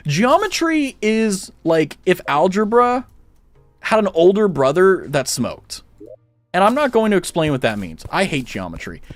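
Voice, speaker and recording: Animated, chatty young male streamer. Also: fairly high pitch. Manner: rambling, self-mocking jokes, chatty with viewers. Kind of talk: casual chat while gaming.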